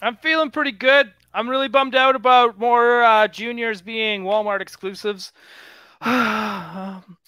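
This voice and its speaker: A man's voice: very high voice, steady tone, measured pace, sharp tone, clear, resonant tone, no room sound. A man co-hosting a casual podcast, easygoing and wry. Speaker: podcast co-host. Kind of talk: casual chat.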